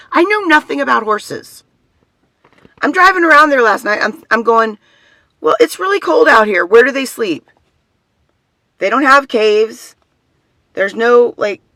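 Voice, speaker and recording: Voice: mid-range voice, creaky, pushed and bright, no echo. A vlogger talking casually to camera, rambling and chatty, often trailing off and starting sentences over. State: has facial tics. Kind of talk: casual personal vlog.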